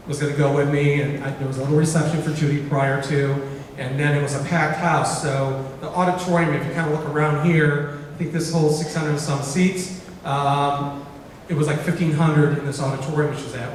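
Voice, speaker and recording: A man delivers a storytelling keynote in a large auditorium, slipping into the voices of the people in his story. His voice sits fairly high. The recording comes from far off, with a long, booming hall echo and a faint hiss. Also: moderate pace. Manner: animated storyteller, acts out dialogue. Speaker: keynote speaker. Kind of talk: storytelling speech.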